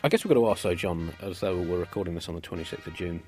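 A man co-hosting a satirical podcast, delivering jokes in a wry, deadpan way. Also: deep voice, very fast, faint music behind. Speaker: podcast co-host.

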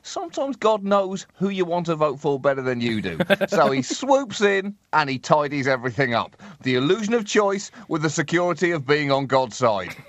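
Sardonic male comedy co-host, lively higher voice, dry close mic. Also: moderate pace, few pauses, dry recording. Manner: sardonic, animated, laughs through his lines. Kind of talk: satirical comedy banter.

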